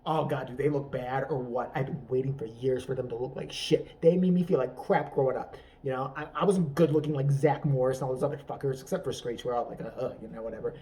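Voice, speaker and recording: A man's voice: medium pitch, steady tone, quick pace, few pauses, dark tone, distant mic. A man riffing through an improvised, profane comedy rant, rambling and laughing at his own jokes. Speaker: comedy vlogger.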